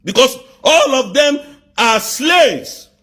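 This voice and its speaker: A man with a very high, husky voice. He rants angrily about politics, firing off repeated rhetorical questions and breaking into shouts. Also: sing-song, takes it slowly. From southeast Nigeria. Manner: fiery, repetitive rhetorical questions, bursts of shouting. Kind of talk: angry political rant.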